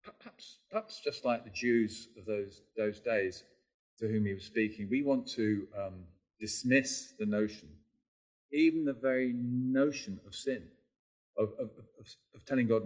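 A man's voice: medium pitch, a little slow, a little mellow. A man preaching a sermon in a conversational, emphatic way, repeating key phrases and asking tag questions.

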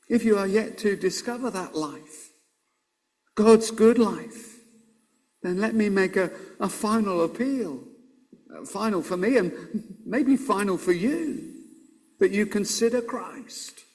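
Slow, high-voiced earnest male preacher. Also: darkish tone. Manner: earnest, measured preaching with pauses. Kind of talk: sermon.

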